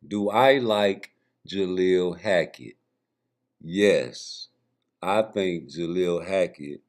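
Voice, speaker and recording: Slow, deep-voiced male boxing vlogger. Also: a little mellow. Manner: profane, rambling, talks straight to viewers. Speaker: boxing YouTuber. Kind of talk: casual boxing commentary.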